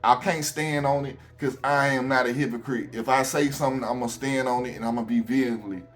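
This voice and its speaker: A man's voice: medium pitch, brisk. Ranting Alabama man over faint music. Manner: animated, repetitive, addresses the subject directly. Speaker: YouTube commentator. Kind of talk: ranting commentary vlog.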